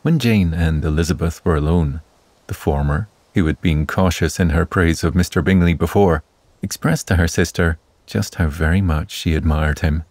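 A man narrating a classic novel as a soothing bedtime story, in a calm, measured reading. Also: low-pitched, no echo.

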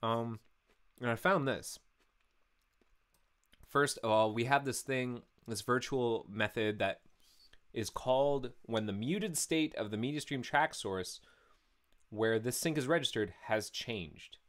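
A programmer live-streams his coding, thinking aloud and explaining step by step in a casual way while correcting himself as he goes. His medium-pitched voice is a bit bright, slow and full of long pauses, captured on a studio mic with a pop filter.

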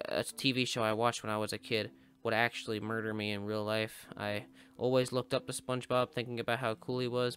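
A man's voice: medium pitch, a bit bright, smooth. Joking man doing gameplay commentary. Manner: joking, rambling, sudden yelps. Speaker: gaming YouTuber.

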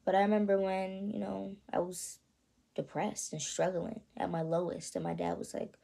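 An 18-year-old woman telling her own story in a vlog, soft and halting, often stopping to ask "you know what I mean". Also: medium pitch, steady tone, gravelly, slightly rough. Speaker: vlogger. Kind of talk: confessional personal storytelling.

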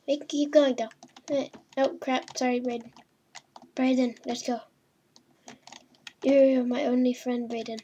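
A woman's voice: sits high, level tone, unhurried, long pauses, mellow, dull audio, a little hiss or hum. A woman hosting a gaming video, giving playful horror-game commentary and talking to the characters on screen. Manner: chatty, talks to game characters, mild swearing. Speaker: gaming channel host.

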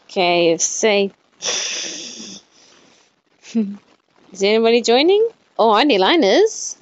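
A young woman chats to her viewers during a live stream, tired and yawning between greetings. Her fairly high voice swings up and down with lively inflection. She talks slowly, and the sound is dry and close. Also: muffled recording. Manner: chatty, greets viewers, yawns and laughs often. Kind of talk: casual live-stream chat.

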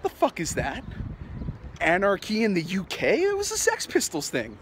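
A man's voice: high voice, wildly swooping pitch, moderate pace. An actor playing an angry young male punk in a dramatic monologue, ranting in a profane, sardonic way. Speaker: actor performing a film monologue. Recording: outdoor traffic noise behind.

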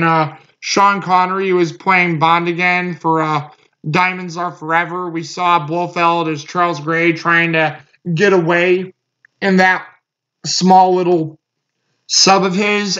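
A man's voice: high voice, pushed and bright. A man giving a casual movie review, rambling with lots of fillers and restarts. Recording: muffled lo-fi recording.

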